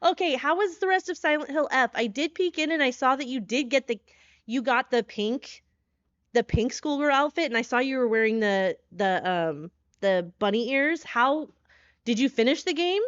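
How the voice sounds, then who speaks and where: A woman horror streamer chatting live with her viewers, excitable, laughing often and swearing when startled, talking from a hotel room. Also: high voice, moderate pace, no echo, muffled recording.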